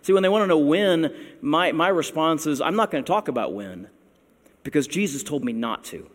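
A man preaching a sermon, wry and conversational, leaning into words with playful emphasis. His voice sits a little high for a man. The sound carries the long reverb of a large hall. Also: animated, moderate pace. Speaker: pastor.

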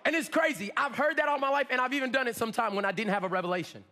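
A male pastor preaching a sermon, swinging between shouts and low asides. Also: racing, big-room sound. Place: church sanctuary.

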